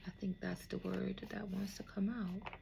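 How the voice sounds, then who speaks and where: A woman's voice: medium pitch, level tone, measured pace, vocal fry, noisy background. A woman giving a casual spiritual card reading to an unseen listener, reassuring and often checking in with "okay?". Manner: reassuring, talks to an unseen "somebody", keeps asking "okay?".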